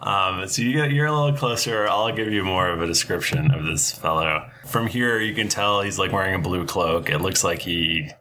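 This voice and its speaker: A man narrating as game master of a tabletop game, halting with many fillers and restarts. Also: deep voice, bright, forceful tone, a little hiss or hum.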